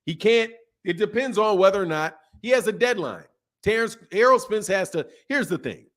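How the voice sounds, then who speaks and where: A man hosting a boxing channel, chatting casually and reading viewer comments aloud, animated and emphatic with slangy talk and frequent laughs. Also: high-pitched, moderate pace.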